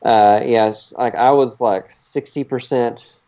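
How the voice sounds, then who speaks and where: A man's voice: mid-range voice, steady tone, measured pace, dark tone, lo-fi sound. A man co-hosting a podcast in casual chat. He talks in a laid-back, rambling way with many fillers and chuckles. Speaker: podcast co-host.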